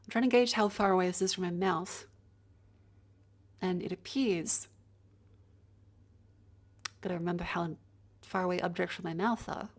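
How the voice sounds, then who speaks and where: A woman's voice: fairly low pitch, normal speed, pauses often. Chatty woman streamer testing her mic. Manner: chatty, rambling, joking. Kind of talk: casual live-stream chat. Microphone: handheld mic moved around while testing.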